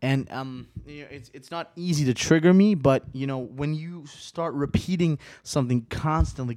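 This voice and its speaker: Young male solo podcaster, twenties, rambling and profane, moody swings from hushed to riled up, dry room. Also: a little high, moderate pace, hardly any pauses, no echo. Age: 20s. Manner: profane, rambling, restarts often; swings between quiet musing and riled-up rants.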